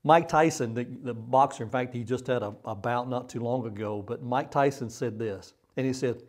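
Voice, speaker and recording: A man's voice: medium pitch, moderate pace. A male pastor preaching a sermon in an earnest way, repeating phrases for emphasis.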